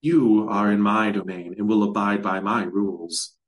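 A man reading aloud and voicing an ancient monstrous female swamp hag who speaks with slow, hushed, purring menace. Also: fairly low pitch, fairly even intonation, natural voice, poor audio. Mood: commanding.

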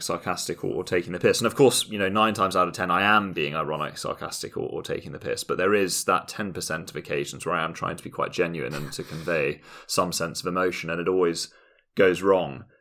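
A very low-voiced Englishman chatting on a podcast with a dry, ironic edge. He drifts between a lazy drawl and sudden high-pitched mimicry of polite small talk. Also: fairly even intonation, moderate pace, sharp tone. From England. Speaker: podcast co-host. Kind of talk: casual chat.

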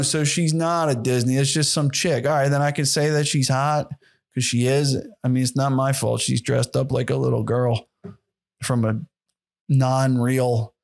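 A man's voice: medium pitch, vocal fry. A young man hosting a solo podcast, rambling and sarcastic with plenty of swearing. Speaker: podcast host.

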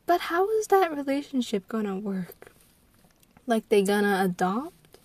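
A woman's voice: fairly high pitch, very animated, unhurried, a little mellow, no echo. A young American woman in her teens, rambling casually and scatterbrained, trailing off, restarting and giggling between thoughts. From United States. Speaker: vlogger.

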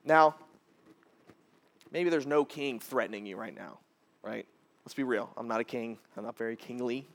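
A man in his thirties preaching a casual, animated sermon, jumping to loud high bursts when he acts out quotes. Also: normal speed. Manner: casual, repeats words as he restarts. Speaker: pastor.

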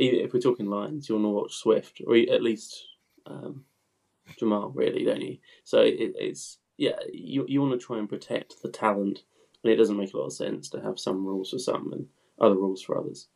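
A man co-hosting a casual sports podcast, talking in a relaxed, rambling way. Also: fairly low pitch, normal speed, creaky. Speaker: podcast co-host.

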